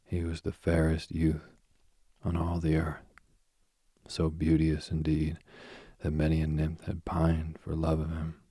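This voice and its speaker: A man reading an old myth aloud, soft and husky, often dropping to a whisper. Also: extremely low pitch, completely flat delivery, a little slow, no echo, clean studio sound. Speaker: storyteller.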